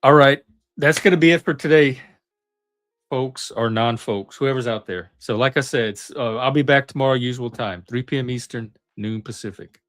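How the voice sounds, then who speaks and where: A man hosting a live panel stream, chatting casually in a relaxed, friendly way and laughing easily. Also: mid-range voice, moderate pace. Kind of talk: casual chat.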